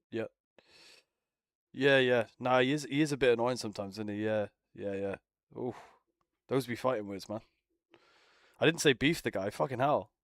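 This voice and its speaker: A man's voice: mid-range voice, dry recording, studio quality. A young man bantering casually with friends as a streamer, teasing, swearing and laughing often.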